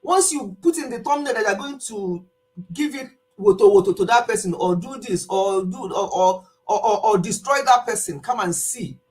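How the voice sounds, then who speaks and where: A woman's voice: mid-range voice, normal speed. A woman, old enough to be her viewers' mother, chatting casually with her live-stream viewers, laughing often and acting out the people she quotes. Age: older. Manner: animated, laughs often, quotes others in voices.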